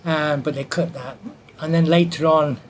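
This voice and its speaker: A man telling a lively anecdote from his film career in an interview, acting out the quoted voices as he goes. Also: fairly high pitch, normal speed, a little hiss or hum. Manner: animated anecdote teller who acts out quotes. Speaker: martial artist and film stunt performer. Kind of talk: storytelling in an interview.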